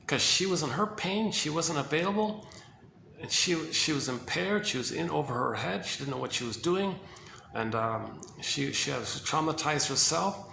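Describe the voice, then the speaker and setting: A man's voice: fairly high pitch, animated, normal speed, vocal fry, pushed and bright, echoey room, slight background noise. A man giving an informal lecture on psychoanalysis, talking emphatically with lots of repetition and fillers.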